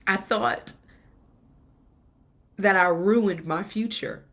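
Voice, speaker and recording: A woman's voice: mid-range voice, very slow, a bit bright. A woman podcast host giving an earnest, emotional personal faith testimony, laughing now and then between lines.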